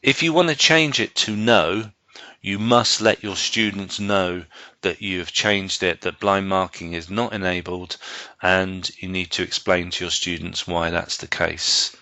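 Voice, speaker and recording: A man giving a live software training presentation to staff, explaining step by step with frequent ums and restarts. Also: low voice, fairly even intonation, measured pace, no echo. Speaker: learning technologist giving a staff training session.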